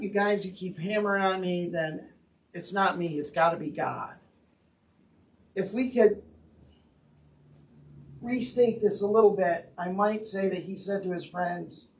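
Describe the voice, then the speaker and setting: A man's voice: high voice, a little slow, pauses often, recorded from a distance, poor audio. A man teaching on scripture in an earnest, conversational way with wry asides. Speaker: Bible teacher. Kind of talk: Bible teaching talk.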